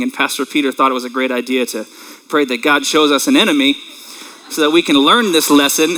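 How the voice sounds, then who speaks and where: A man in his thirties preaching a sermon in an earnest, conversational way, emotional and tearful at times, clearing his throat. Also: a little high, bright, forceful tone, rough recording. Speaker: pastor.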